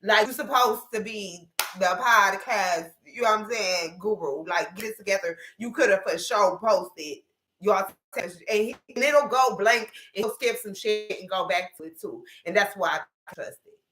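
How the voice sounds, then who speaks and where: A woman's voice: mid-range voice, normal speed, noisy background. Blunt, profane woman in an echoey room. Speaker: commentator. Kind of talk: casual reaction commentary.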